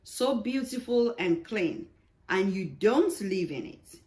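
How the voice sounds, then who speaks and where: A woman's voice: medium pitch, expressive, takes it slowly, darkish tone. A woman voicing a nosy, chatty old male neighbor who teases and rambles in a friendly way.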